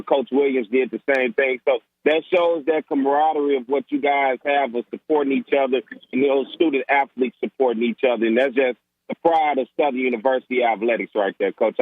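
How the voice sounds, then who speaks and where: A man's voice: mid-range voice, steady tone, a little fast, dry recording, phone-quality sound. Upbeat male sports talk host. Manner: upbeat, laughs often, says man and Coach a lot. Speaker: radio show host.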